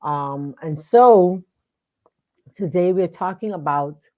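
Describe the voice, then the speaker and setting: A woman with a slightly low voice hosts a live online show from her computer. She talks in a casual, chatty way, stopping to greet viewers by name, with plenty of fillers and restarts. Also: slow, darkish tone. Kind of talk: casual live-stream talk. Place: home studio at a computer.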